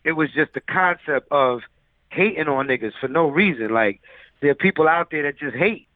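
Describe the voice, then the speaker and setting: A man's voice: on the high side, lively intonation, moderate pace, no room sound. A man who is a music producer, telling stories loosely in a casual interview, full of fillers. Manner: loose, filler-heavy storyteller. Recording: tinny phone-like line.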